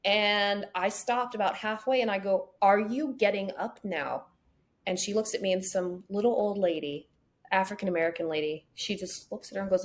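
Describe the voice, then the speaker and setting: Podcast host lady, chatty, tells stories and does all the voices, middle pitch. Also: normal speed. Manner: animated storyteller acting out quotes. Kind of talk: casual conversation, storytelling.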